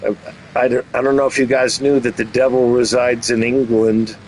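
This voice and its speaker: A channel host narrates a race in a level, medium-pitched voice at normal speed, peppering the calls with playful teasing. The recording is rough and has slight background noise.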